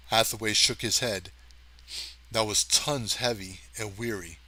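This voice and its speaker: A man reading a science fiction story aloud as narrator, steady and even. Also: on the low side, measured pace. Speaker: audiobook reader. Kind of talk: scripted narration.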